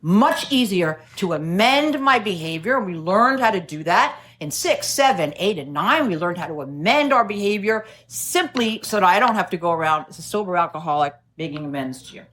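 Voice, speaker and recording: A woman's voice: lowish voice, animated, normal speed, hardly any pauses, fairly bright tone. A middle-aged woman from New City, giving a wry, self-mocking share at a recovery meeting and laughing often. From New York City. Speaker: AA speaker.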